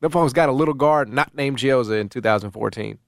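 A man's voice: mid-range voice, fairly quick, gravelly, dry recording, clean studio sound. A middle-aged man hosting casual sports talk, rambling with many restarts and fillers.

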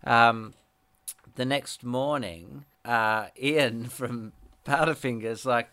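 A middle-aged man with a smooth, resonant voice, talking in a dry, close-up sound. He rambles through his stories and keeps restarting his sentences. He laughs easily as he chats. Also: medium pitch, slow pace, sharp tone, no echo. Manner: rambling storyteller, laughs often, many restarts. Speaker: podcast co-host, musician. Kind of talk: casual chat.

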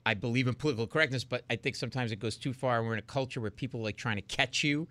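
A man's voice: mid-range voice, very fast, dry recording. A man, a comedian guest telling stories in a casual radio chat and acting out other people's voices. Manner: animated storyteller, acts out voices of others. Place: lives in New York City.

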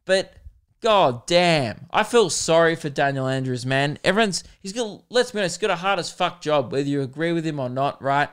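Young Aussie male podcast host, casual profane rant, clear and bright in tone, self-mocking. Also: a little high, animated, moderate pace. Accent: Australian.

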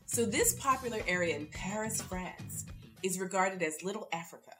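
A woman podcast host asking quiz questions and explaining answers in a lively way. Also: mid-range voice, normal speed, music in the background. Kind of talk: interview and quiz hosting.

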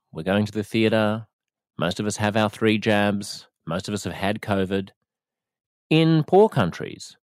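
A man's voice: lowish voice, dry recording, studio quality. A man with an Australian accent, a radio host giving earnest, reflective commentary. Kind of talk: spoken commentary.

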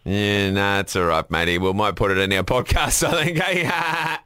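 A man hosting a breakfast radio show, jokey and quick to laugh. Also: on the low side, bright, forceful tone, clean tone, no room sound, clean studio sound. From New Zealand. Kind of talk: casual radio banter.

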